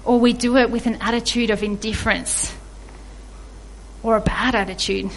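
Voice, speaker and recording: A woman's voice: on the high side, fairly even intonation, moderate pace, a little hiss or hum, poor audio. An earnest woman giving a reflective devotional sermon, asking her listeners questions. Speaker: preacher.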